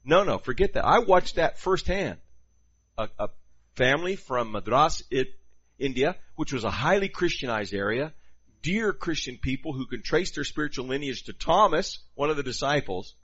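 A man preaching a sermon in an animated, conversational way, with quoted asides to the congregation. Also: medium pitch, normal speed, husky, lo-fi sound.

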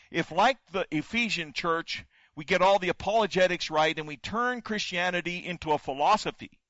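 A man's voice: a little high, fairly bright tone, dry recording, lo-fi sound. A male pastor delivering a sermon, building points through emphatic repetition.

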